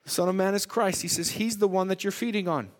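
A man preaching a sermon in a church hall, swinging between loud emphatic lines and hushed ones. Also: sits high, fast talker. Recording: long hall reverb.

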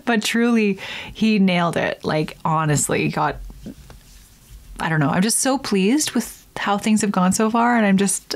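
Brief: young woman, podcast host, chatty and animated, casual solo talk. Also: medium pitch, unhurried. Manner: chatty, animated, acts out silly voices in quotes.

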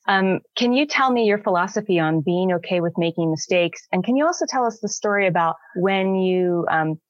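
A woman's voice: fairly low pitch, dry recording, highs cut off. A woman hosting a casual interview, thinking aloud and asking long questions. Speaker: host.

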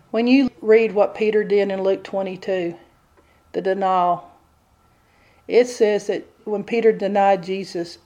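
A woman's voice: mid-range voice, mellow. A woman preacher delivering a sermon, telling a Bible story with earnest, dramatic storytelling.

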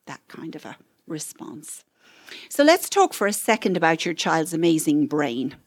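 A middle-aged woman counselor giving a parenting seminar talk, expressive and acting out the voices of parents and children. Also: sits low, normal speed.

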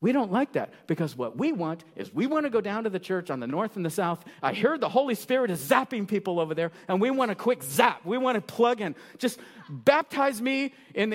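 A male pastor preaching a sermon, animated, swinging from loud bursts to quiet asides. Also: high voice, brisk. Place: church sanctuary. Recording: long reverb of a large hall.

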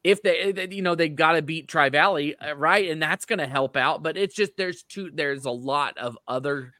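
A man with a bright, sharp voice co-hosts a casual sports podcast. He works through his points aloud and hedges often. The recording is close and dry. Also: a little high, normal speed, dry recording. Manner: hedging, thinks aloud, stresses he is neutral. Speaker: podcast co-host.

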